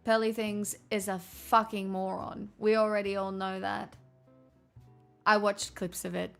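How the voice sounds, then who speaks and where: A woman live streamer chatting casually with her viewers in a put-on transatlantic accent, with theatrical, drawn-out delivery and plenty of swearing. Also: medium pitch, flat delivery, creaky, fairly bright tone, soft background music.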